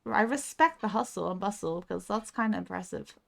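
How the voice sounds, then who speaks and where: A woman's voice: mid-range voice, lively intonation, brisk, creaky. A young woman streaming a game live, coaching herself through tense moves and chatting back to her viewers. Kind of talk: casual live gaming stream.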